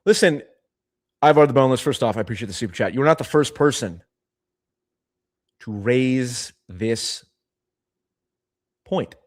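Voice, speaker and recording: A man's voice: mid-range voice, animated, measured pace, long pauses. Male streamer, casual chat, chatty, self-interrupting, mid-range voice. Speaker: livestream host.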